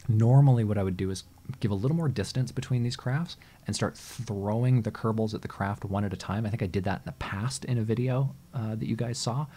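Male gaming host, low-ish voice, casual let's-play commentary, exasperated and foul-mouthed, talks back at the game. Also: warm tone.

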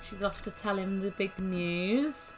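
Unhurried woman narrating gameplay. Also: medium pitch. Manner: chatty, giggly, thinking aloud. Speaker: gaming YouTuber. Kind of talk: casual let's-play commentary. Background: faint game music.

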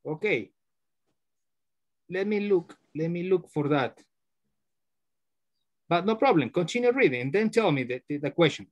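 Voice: medium pitch, expressive, normal speed, pauses often. A teacher leading an online class over a video call, patiently repeating words to correct and stress them.

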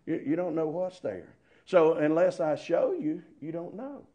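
A man preaching a sermon with a somewhat high voice. He talks with emphasis and keeps firing rhetorical questions at the young people. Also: very animated, a little slow, dark tone.

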